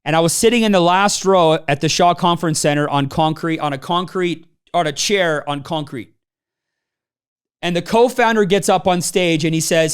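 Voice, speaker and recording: A man with a smooth, highish voice talks at a moderate pace. He's a business trainer giving a motivational talk before a live audience, sharing personal anecdotes and acting out the people he quotes.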